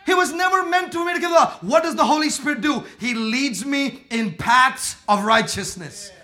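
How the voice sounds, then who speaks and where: A man preaching a sermon emphatically, using call and response, swinging between quiet talk and shouting. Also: very high-pitched, moderate pace. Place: church with congregation.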